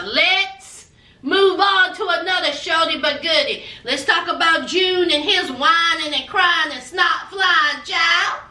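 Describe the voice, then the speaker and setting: A woman's voice: very high voice, sharp tone. A woman hosting a reality TV recap with sassy, gossipy commentary. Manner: sassy, gossipy, dramatic asides. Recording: echoey room, distance from mic.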